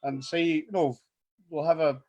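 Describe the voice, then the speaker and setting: A young Northern Irish man talks in loose, sweary podcast banter. He rambles and restarts his sentences mid-thought, laughing along as he goes. His voice sits a touch higher than most men's. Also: steady tone, moderate pace, a little mellow. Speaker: podcast co-host. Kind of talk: casual chat.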